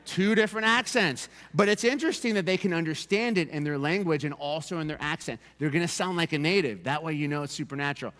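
A man preaching a sermon as pastor, in a lively, conversational style that keeps calling for the congregation's attention. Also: on the high side, quick pace, few pauses. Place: church sanctuary. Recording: long reverb of a church hall.

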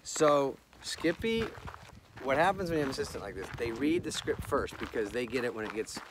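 A man's voice: medium pitch, big pitch swings, a little fast. A comedian telling a story in casual chat on a hike. He acts out quoted lines and swears often. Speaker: comedian guest. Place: outdoors on a mountain trail. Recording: outdoor background noise.

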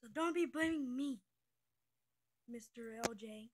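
Giggly high-voiced girl chatting. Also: unhurried, darkish tone. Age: young, says she is twelve. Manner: giggly, chatty, jumps between topics. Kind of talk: casual chat on a call.

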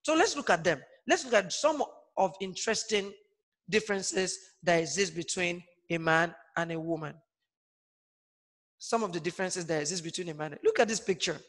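A man's voice: high-pitched, normal speed, a bit bright. A man teaching an online primary school lesson, repeating each point and asking his pupils questions. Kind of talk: online class lesson for children. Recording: long hall reverb.

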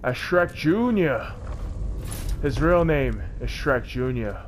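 Rowdy, swearing man gaming loudly. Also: medium pitch, expressive, slow pace, slight background noise. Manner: rowdy, profane and over the top. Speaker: gamer. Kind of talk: let's play commentary.

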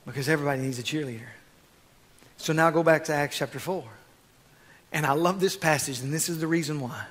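Man, pastor, sermon, high voice, long hall reverb, quiet asides and loud exhortation. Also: brisk.

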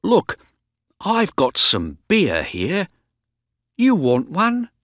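A man reading an audiobook voices an angry, exasperated male scientist who shouts and complains. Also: high voice, wildly swooping pitch, extremely slow, dry recording, clean studio sound, pitched above the performer's own voice, heavily acted. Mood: wary. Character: gruff angry male scientist, short-tempered.

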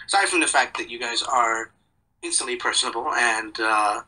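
A man's voice: mid-range voice, normal speed, pushed and bright, breathy edge, rough recording. A young man chatting as a podcast guest, rambling and joking in a self-deprecating way. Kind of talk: casual chat.

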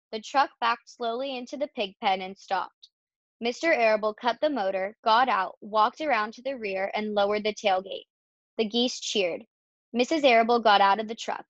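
A woman's voice: a little high, normal speed, dry recording. A woman reading a children's novel aloud and giving each character a voice of its own. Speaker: storybook reader. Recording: dull lo-fi dry recording.

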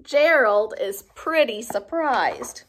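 A preschool teacher reading a picture book aloud to young children, with animated, expressive storytelling. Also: female voice, on the high side, slow pace.

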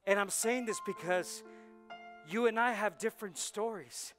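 A male pastor preaching a sermon in a church service, swinging between hushed and loud. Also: high-pitched, measured pace, faint music behind.

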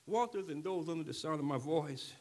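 An older man preaching a sermon, who keeps checking in with the congregation and moves from quiet talk to shouting. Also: on the high side, expressive, a little fast. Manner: call-and-response preaching, swings from soft talk to shouting. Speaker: pastor.

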